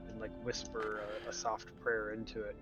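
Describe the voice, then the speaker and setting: A male player in a tabletop game, speaking in a calm, measured way. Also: fairly low pitch, music in the background. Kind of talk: tabletop role-play. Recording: dull lo-fi mic.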